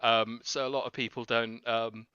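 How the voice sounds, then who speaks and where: A man's voice: mid-range voice, flat delivery, moderate pace, pushed and bright, clear, resonant tone, dry recording, muffled recording. A man giving an earnest, explanatory tactical breakdown on a live stream, with frequent ums. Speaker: tactical analyst. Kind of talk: live stream football analysis.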